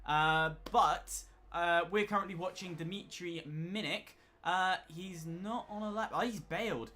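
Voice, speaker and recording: A man's voice: high voice, a little slow, pushed and bright. A man co-commentating a sim racing broadcast, explaining the track and its rules in a technical way. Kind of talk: esports race commentary.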